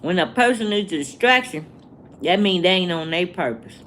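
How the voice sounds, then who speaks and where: A woman, talking to her livestream viewers in a slow, preachy way and asking the same rhetorical questions over and over. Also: fairly low pitch, animated, fairly bright tone, slight background noise. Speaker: vlogger. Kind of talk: casual livestream rant.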